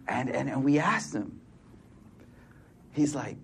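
A man's voice: medium pitch, unhurried, creaky, long pauses, a little hiss or hum. A man in his forties preaching a sermon in casual street slang, telling stories and acting out the people in them. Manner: casual street slang, storytelling with quoted voices.

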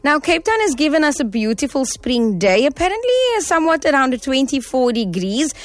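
A woman hosting a community radio show, reading the evening line-up and then chatting with a guest, friendly and quick to laugh. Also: sits high, big pitch swings, no echo. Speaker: radio presenter. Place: radio studio. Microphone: studio microphone.

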